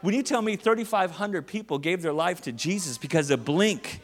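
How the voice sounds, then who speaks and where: A man preaching as a guest speaker to a church, energetic and joking, with rising exclamations. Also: high voice, normal speed. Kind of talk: sermon. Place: large church auditorium. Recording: long hall reverb with faint music.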